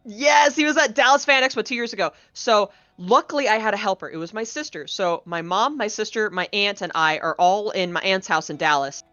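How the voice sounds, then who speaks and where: A woman chatting casually as a guest, an animated storyteller who acts out the people she quotes. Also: medium pitch, a little fast, few pauses, no room sound, lo-fi sound, faint music behind. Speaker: guest, game co-developer. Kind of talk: casual podcast chat.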